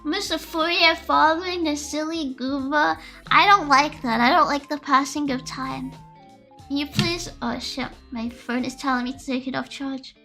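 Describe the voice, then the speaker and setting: A woman's voice: high-pitched, normal speed, sharp tone. A young adult woman streaming and chatting casually, rambling into melodramatic, exaggerated rants aimed at her chat. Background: faint lofi music.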